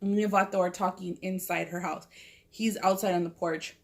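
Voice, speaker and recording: A woman's voice: fairly low pitch, steady tone, moderate pace. A woman, telling a story in casual, profane, rambling talk full of "like" while eating at home. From Southern California. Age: 30s. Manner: profane, rambling, lots of "like" fillers. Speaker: mukbang vlogger. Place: at home with a cat.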